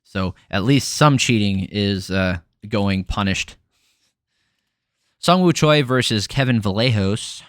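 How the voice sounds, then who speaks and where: Blunt, low-voiced man recapping fights. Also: lively intonation, slow pace, clean tone, no echo, clean studio sound. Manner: blunt, frustrated, swears freely, many fillers. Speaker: MMA podcast host. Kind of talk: casual fight recap commentary.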